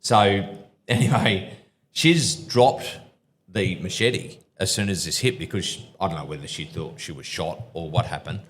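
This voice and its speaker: Cop co-host, very low voice, faint noise. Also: male voice, a bit bright. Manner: halting, rambling with fillers. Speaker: podcast co-host, police officer. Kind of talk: storytelling at a live show.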